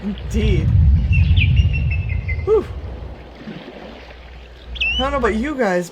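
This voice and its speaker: A woman streaming a game from her home basement, thinking aloud and chatting casually with her viewers. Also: medium pitch. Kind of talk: casual live-stream commentary. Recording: home stream mic with loud background noise.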